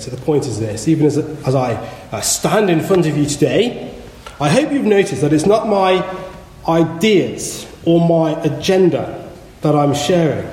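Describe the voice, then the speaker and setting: A man preaching a sermon in a church, earnest and measured, leaning hard on key words. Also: on the high side, sing-song, a little mellow. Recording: echoey hall with long reverb.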